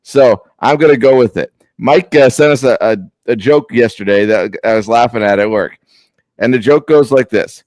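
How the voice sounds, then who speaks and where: This podcast co-host, a man with a mid-range, darkish voice, talks casual sports at a moderate pace over a remote video call with no echo. He rambles, apologizes, and restarts his sentences often.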